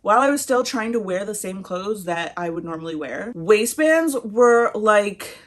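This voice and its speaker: A woman's voice: medium pitch, fairly bright tone. Breathless chatty woman vlogger. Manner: chatty and laughing. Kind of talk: casual talk to camera.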